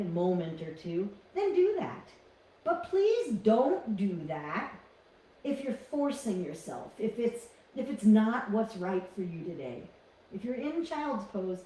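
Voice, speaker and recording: A woman leading a guided yoga class with calm, encouraging cues, often restarting her phrases. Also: fairly high pitch, a little hiss or hum. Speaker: yoga instructor. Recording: echoey room, distant from mic.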